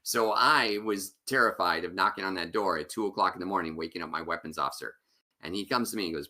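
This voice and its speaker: Low, bright-voiced man giving a keynote. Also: fast. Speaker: keynote speaker and author. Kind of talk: conference talk over video.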